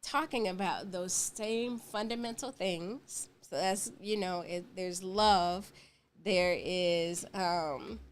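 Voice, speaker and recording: A woman's voice: lowish voice, takes it slowly. A woman co-hosting a marriage talk show, chatting casually, telling stories with animation and frequent laughs. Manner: animated storyteller, laughs often.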